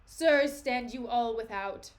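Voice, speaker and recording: A woman voicing a furious young nobleman who loudly demands vengeance, declaiming defiantly. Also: a little high, slow pace. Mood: enraged.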